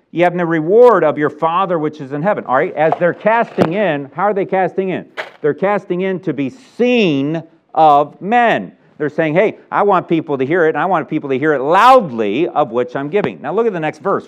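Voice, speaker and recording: A man preaching a sermon in a church, animated and playful, acting out scenes with sound effects. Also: on the high side, muffled recording. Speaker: pastor.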